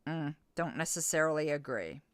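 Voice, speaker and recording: A woman's voice: sits low, animated, normal speed, clean tone, no room sound, studio quality. A woman in her fifties hosting a podcast, reading passages from an interview aloud and arguing back with blunt disagreement. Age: 50s. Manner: reads quotes then argues back with blunt disagreement. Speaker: podcast host.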